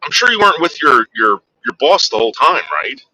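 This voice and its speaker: A man's voice: on the high side, sing-song, a little fast, bright, forceful tone, husky, no echo, low-quality recording. A man hosting a casual livestream, chatting with his viewers and teasing them in a rambling way. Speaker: livestream host.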